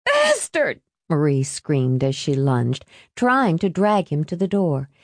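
Low-voiced woman reading a novel. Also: expressive, unhurried, darkish tone, no room sound, clean studio sound. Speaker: narrator. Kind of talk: audiobook narration.

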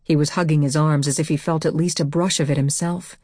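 A woman's voice: deep voice, steady tone, a little fast, mellow, no room sound, clean studio sound. A woman reading a first-person novel aloud as audiobook narrator, with an intense delivery.

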